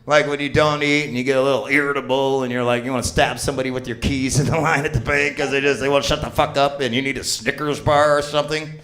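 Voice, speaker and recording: A fifty-year-old man performing a crude, rambling stand-up set on a comedy club stage, shouting his punchlines. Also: medium pitch, fairly even intonation, quick pace, hardly any pauses. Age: 50s.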